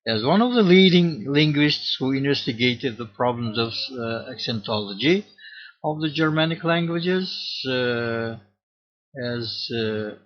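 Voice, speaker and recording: Slow, halting male lecturer, lo-fi. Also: mid-range voice, expressive. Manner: slow and halting, many uh fillers. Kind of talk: academic lecture. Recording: dull lo-fi recording.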